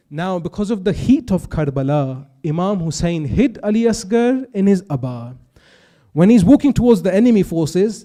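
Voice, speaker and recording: British guy giving a sad sermon, high smooth voice, slows right down on the quotes. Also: dark tone. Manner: emotive storytelling with quoted dialogue, slow pleading stresses. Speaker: majlis speaker. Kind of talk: mournful religious sermon.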